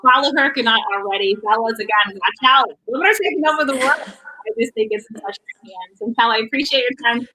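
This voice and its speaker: Woman, talk show host, quick delivery, bright tone, effusive. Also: on the high side, slight background noise, rough recording. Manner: effusive, encouraging. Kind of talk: sports talk interview.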